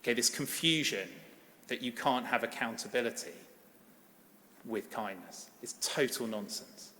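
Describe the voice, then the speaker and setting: A middle-aged man who works as a paediatrician gives a conference keynote at a measured pace, his medium-pitched voice pushed and bright. The large hall adds long reverb as he speaks earnestly and with emphasis, calling on listeners to take action.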